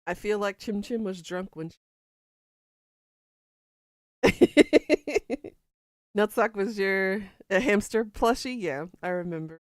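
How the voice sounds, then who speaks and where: A woman's voice: medium pitch, moderate pace, hardly any pauses, dry recording, studio quality. A woman streamer in casual live-stream chat, playful and bawdy, reading out chat quotes and laughing along. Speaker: game streamer.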